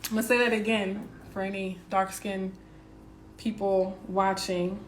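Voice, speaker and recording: A woman slowly reading affirmations with pauses between phrases, then chatting casually with livestream viewers. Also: mid-range voice, flat delivery, slight background noise. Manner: slow, deliberate, pausing between phrases.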